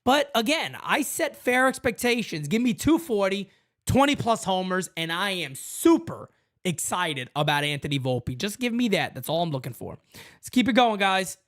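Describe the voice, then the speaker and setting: A man hosting a live fan stream, ranting excitably with swearing and casual banter. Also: sits high, moderate pace. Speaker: host. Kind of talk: live-stream sports talk.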